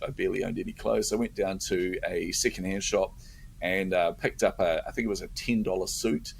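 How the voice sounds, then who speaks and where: A man's voice: fairly low pitch, vocal fry, a little hiss or hum. A middle-aged man tells a story in a casual interview, acting out his own inner voice. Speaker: podcast host telling a story as a guest.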